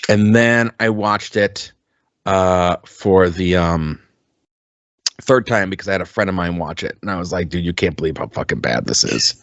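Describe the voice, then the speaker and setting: A man's voice: low-pitched, moderate pace, dry recording, lo-fi sound. A man co-hosting a podcast, chatting casually and rambling with lots of ums and restarts, swearing freely. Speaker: podcast co-host. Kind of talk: casual chat.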